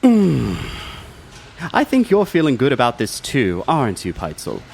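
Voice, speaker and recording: A man's voice: mid-range voice, wildly swooping pitch, measured pace, creaky, a little mellow, slight background noise, full character voice. An actor playing a coldly smug, scheming male foreman who is also a doctor, speaking in a silky, condescending, menacing way. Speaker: villain.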